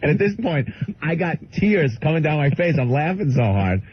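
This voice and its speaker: A man's voice: a little high, normal speed, a little hiss or hum. A man co-hosting a radio show, telling a story in casual banter and slipping into goofy voices. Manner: animated storyteller, slips into goofy character voices and laughs. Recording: dull lo-fi radio broadcast.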